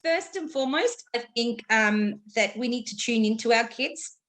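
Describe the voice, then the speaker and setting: A woman's voice: on the high side, animated, moderate pace, a bit bright. A woman communication coach giving advice on a panel, explaining patiently and acting out exaggerated intonation.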